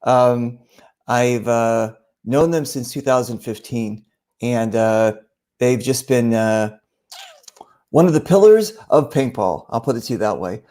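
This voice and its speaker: A warm, mid-range voice at a measured pace belongs to the host of a casual online show. He rambles through his stories with plenty of fillers, acting out what other people said.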